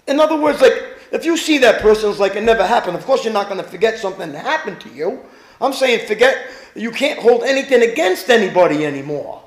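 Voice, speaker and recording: Pastor guy preaching, real high voice that jumps all over, echoey room. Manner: animated preaching, rhetorical questions to the congregation. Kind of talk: sermon.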